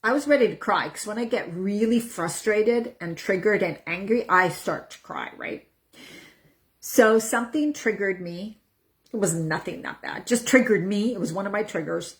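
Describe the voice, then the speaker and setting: A woman's voice: medium pitch, moderate pace. A middle-aged woman coaching viewers in a casual talk to camera, earnest and repetitive, often repeating her phrases for emphasis. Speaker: menopause coach.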